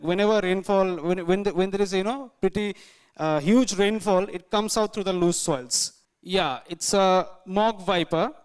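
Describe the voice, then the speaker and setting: A man gives a guest lecture with slides, explaining each one. His voice is high and clear, with a smooth, resonant tone. He speaks informally and leans on fillers like "you know.". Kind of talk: lecture talking through slides.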